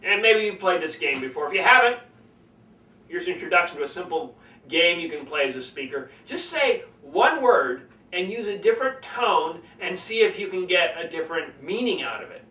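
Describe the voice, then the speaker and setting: Animated, bright-voiced man teaching speaking. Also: high voice, normal speed, echoey room, recorded from a distance, poor audio. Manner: animated, demonstrates tones by acting them out. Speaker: public speaking coach. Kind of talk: speaking-skills lesson.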